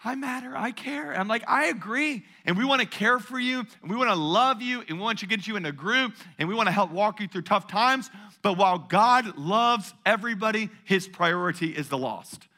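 Bright, emphatic preaching man. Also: sits high, a little fast. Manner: energetic, emphatic preaching with repetition. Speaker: pastor. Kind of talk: sermon.

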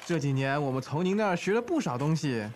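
A man playing an eager, flattering office worker. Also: a little high, quick pace, slight background noise. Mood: admiring. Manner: earnest, admiring praise. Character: flattering male office employee, eager and admiring.

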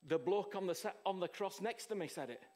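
A man's voice: sits high, lively intonation, brisk, a little mellow, pitched below the performer's own voice. A man voicing a humble, bewildered repentant criminal who speaks plainly.

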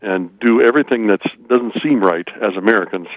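A man's voice: lowish voice, brisk, dry recording, narrow, tinny audio. A man from Minnesota, a weekly guest on a radio talk show, chatting in a rambling, folksy, joking way. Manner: folksy, rambling and joking, often putting on small-town voices. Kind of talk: casual radio banter.

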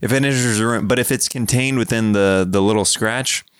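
A man's voice: on the low side, fairly quick, clean tone, no echo, clean studio sound. A man chatting casually as a podcast co-host, easygoing and rambling. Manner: easygoing, rambling, many likes and restarts. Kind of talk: casual chat.

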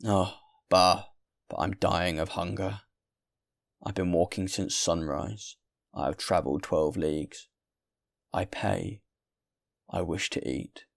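A worn-out male traveller, stubborn and hungry, who speaks bluntly and keeps pressing his point. A man acts him out in a storybook reading, his voice low and gravelly. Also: fairly even intonation, takes it slowly, long pauses, no echo, studio quality, full character voice. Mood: pleading. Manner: blunt, insistent.

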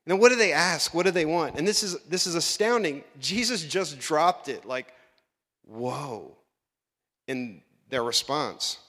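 Animated pastor preaching in a reverberant hall. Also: male voice, fairly high pitch, a little slow. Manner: acts out Bible characters in funny voices. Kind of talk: animated sermon.

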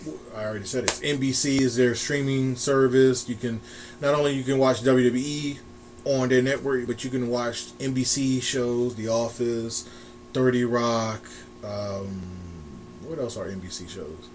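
A man's voice: mid-range voice, steady tone, moderate pace, a little mellow, a little hiss or hum. A man co-hosting a casual wrestling chat podcast, rambling with restarts and frequent laughs. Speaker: podcast co-host.

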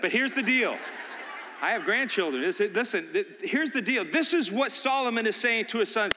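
An older man preaching a sermon, shifting between loud urging and soft storytelling. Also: high-pitched, moderate pace, long reverb tail, slight background noise. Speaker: pastor.

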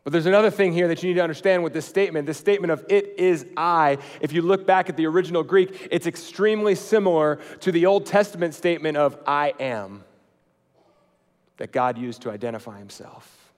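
A man preaching a sermon in a conversational way, swinging between emphatic lines and quiet, slow, hushed ones. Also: a little high, big-room sound. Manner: conversational, with fillers and restarts.

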